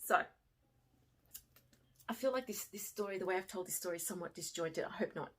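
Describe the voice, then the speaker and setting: A middle-aged woman from Australia telling a personal story to camera, swinging from hushed to excited. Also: on the low side, fairly quick. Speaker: fashion vlogger and former teacher.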